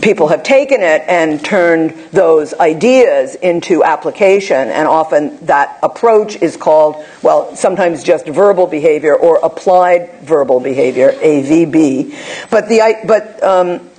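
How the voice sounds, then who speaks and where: A woman's voice: deep voice, lively intonation, unhurried, dark tone, slightly rough. A woman presenting as a behavior analyst, explaining concepts in a conversational academic talk with wry asides and frequent tag questions.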